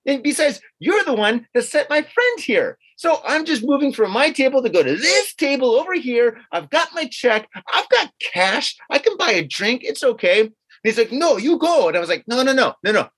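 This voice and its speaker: This podcast co-host has a very high-pitched, slightly rough voice. Casual and animated, he narrates a story and acts out others' words, including some swearing.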